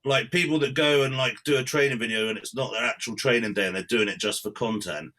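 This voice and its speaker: A man's voice: mid-range voice, fast talker, sharp tone, a little hiss or hum. A man co-hosting a podcast, blunt and sweary, trading crude jokes in casual banter. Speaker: podcast host.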